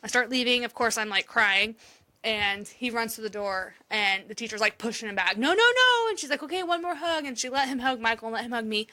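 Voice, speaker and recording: A woman's voice: fairly high pitch, steady tone, a little fast, pushed and bright. A woman co-hosting a podcast, telling an emotional story in casual chat, swearing freely and laughing often. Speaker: podcast co-host.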